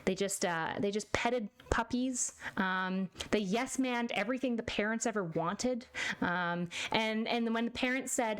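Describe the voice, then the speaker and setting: A woman from Canada streaming, talking in a rambling, animated way with casual swearing. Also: on the high side, a little slow, clear, resonant tone. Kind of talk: casual chat.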